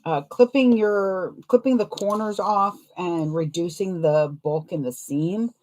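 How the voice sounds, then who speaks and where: Woman, young adult, casual sewing chat, rambling, self-deprecating, lowish pitch. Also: measured pace, a little mellow. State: sore foot, wincing. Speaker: sewing vlogger.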